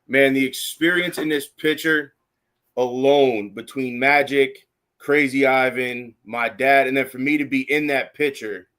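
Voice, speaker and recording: A man's voice: mid-range voice, fairly even intonation, unhurried, fairly bright tone. A young man co-hosting a podcast, speaking earnestly and reflectively with many casual fillers. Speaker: podcast co-host. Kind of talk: casual chat.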